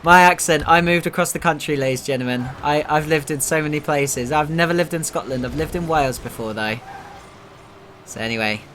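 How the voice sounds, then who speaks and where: A man from the United Kingdom casting a live esports match, chatty between plays and bursting loudly at every goal. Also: on the high side, brisk, slight background noise. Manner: excitable, jumps up loudly at goals, chatty asides. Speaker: esports caster. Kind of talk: live play-by-play commentary.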